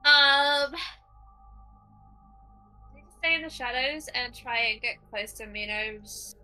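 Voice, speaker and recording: A woman's voice: high-pitched, slow pace, pushed and bright, poor audio. A woman playing a tabletop game, eagerly laying out her character's moves, with faint music behind. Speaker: player.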